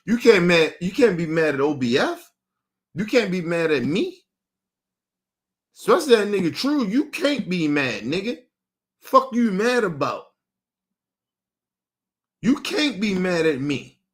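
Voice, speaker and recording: A man's voice: sits high, very animated, measured pace, pauses often. A man hosting a show, ranting angrily in with heavy swearing and a lot of repetition. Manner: angry, repeats himself, swears heavily. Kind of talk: heated on-air rant.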